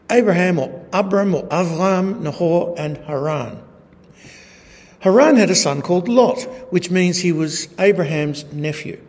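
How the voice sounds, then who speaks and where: A man's voice: on the high side, darkish tone. A man teaching a sermon from slides, talking in a wry way with rhetorical tag questions. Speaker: Bible teacher. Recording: echoey hall.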